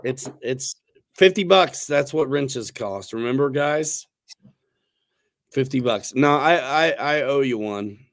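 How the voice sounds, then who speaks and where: A man's voice: medium pitch, lively intonation, takes it slowly. A man hosting a casual livestream chat, talking in a laid-back, slangy, rambling way with restarts. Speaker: host.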